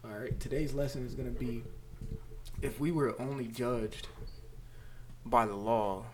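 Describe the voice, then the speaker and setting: A man giving a Bible lesson. He talks emphatically, repeats himself, slows down to stress key words and keeps checking in with "all right?". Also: medium pitch, steady tone, slight background noise. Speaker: Bible teacher. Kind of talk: scripture lesson.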